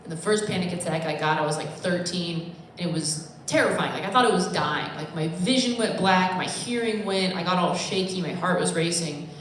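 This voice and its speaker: A woman's voice: on the low side, fairly quick. A woman doing a stand-up comedy set in a bar, talking in a rambling, self-deprecating, conversational way. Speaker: stand-up comic. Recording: echoey bar room, faint noise.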